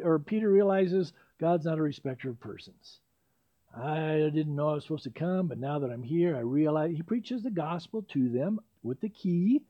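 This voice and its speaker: Mellow-voiced man preaching a sermon. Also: high voice, dull audio. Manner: lively storytelling with playful asides.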